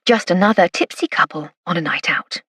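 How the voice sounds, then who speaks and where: Woman audiobook narrator, wry and measured, dry close sound. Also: fairly low pitch, expressive, a bit bright, slightly rough, no room sound. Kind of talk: scripted first-person narration.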